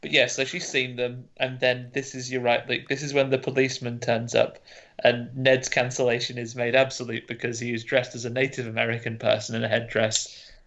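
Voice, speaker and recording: A man's voice: mid-range voice, level tone, a little fast, a bit bright. A man, co-hosting a podcast and retelling a film scene by scene. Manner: storytelling, acts out quotes. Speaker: podcast co-host. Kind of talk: casual film discussion. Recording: dull lo-fi podcast audio.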